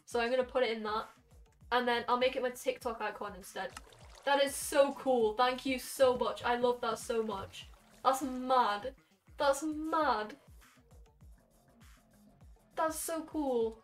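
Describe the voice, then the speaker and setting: A young woman streaming from her bedroom, chatting excitedly and gushing to her viewers. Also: on the high side, a little slow, faint music behind. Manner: excitable, gushing, talks to chat. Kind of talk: casual live-stream chat.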